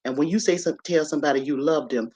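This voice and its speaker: A livestream host talking casually to viewers, greeting them as they join, often tagging sentences with "okay?" and "right?", and slowly spelling out words letter by letter. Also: medium pitch, a little mellow, husky. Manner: checks in with frequent "okay?" and "right?" tags. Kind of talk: casual live-stream talk on a faith-tinged topic.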